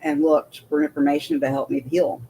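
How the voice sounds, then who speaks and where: A woman's voice: sits low, level tone, fairly quick, dark tone, a little hiss or hum. A woman, a military veteran, telling her story as an interview guest in a rambling way with many restarts.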